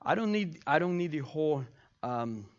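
A man's voice: a little high, expressive, moderate pace, dull audio. A male pastor leading a sermon and altar prayer, pleading fervently and repeating his cries to God. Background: keyboard music.

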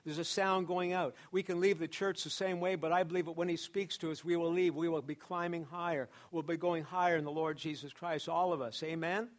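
A man's voice: a little high, steady tone, fairly quick, hardly any pauses. A pastor preaching a sermon to his church, building emphasis through repeated phrases. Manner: preaching with repetition and rising emphasis.

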